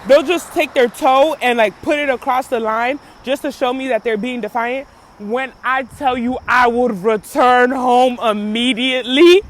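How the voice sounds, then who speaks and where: A woman's voice: on the high side, unhurried. A woman hosting a podcast who gives blunt, profane, emphatic commentary. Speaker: podcast host. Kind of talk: animated commentary.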